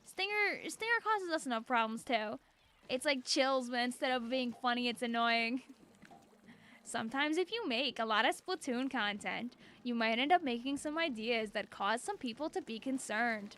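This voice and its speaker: Bright, bubbly young woman streamer. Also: a little high, lively intonation, moderate pace. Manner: bubbly, chatty, laughs often. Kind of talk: casual gameplay chat.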